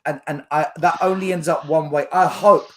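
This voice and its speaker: A man's voice: a little high, fairly even intonation, moderate pace, crowd noise. A man hosting a casual podcast chat, blunt and emphatic as he gives his opinions. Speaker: podcast host.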